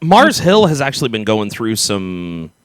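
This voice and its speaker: A man in his thirties co-hosting a podcast, chatty and quick to laugh. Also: on the low side, no echo. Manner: chatty, laughs often, lively. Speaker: podcast co-host. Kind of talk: casual chat. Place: California, US.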